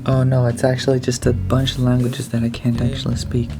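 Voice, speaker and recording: A man's voice: mid-range voice, monotone, a little fast. A man casually reading out his old song lyrics, rambling and making fun of himself. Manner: rambling, self-mocking. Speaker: songwriter. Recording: guitar music playing underneath. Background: guitar music.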